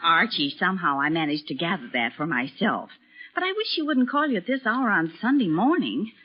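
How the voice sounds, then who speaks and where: A woman's voice: fairly low pitch, sing-song, brisk, slightly rough, muffled recording. A woman playing a fretting, exasperated mother, in 1940s radio acting on an old broadcast recording. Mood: dry. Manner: exasperated, fussing, hushing. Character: patient, fretting middle-aged mother.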